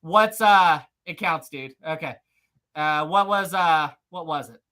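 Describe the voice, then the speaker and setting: A man's voice: a little high, measured pace, pushed and bright. A young man hosting a live history quiz stream, reading chat aloud, teasing viewers and laughing often.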